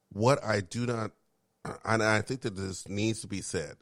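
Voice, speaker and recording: A man's voice: on the low side, moderate pace, fairly bright tone, no room sound, studio quality. A man co-hosting a podcast, telling candid stories in casual chat, with frequent murmured backchannels. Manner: candid, frank storytelling, drops to a whisper for asides. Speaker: podcast co-host.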